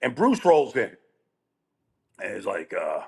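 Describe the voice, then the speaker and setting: A middle-aged man telling animated, rambling stories as a guest on a chat show. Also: fairly low pitch, slow, creaky, slightly rough. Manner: animated, rambling with restarts and quoted voices. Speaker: guest storyteller. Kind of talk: casual storytelling chat.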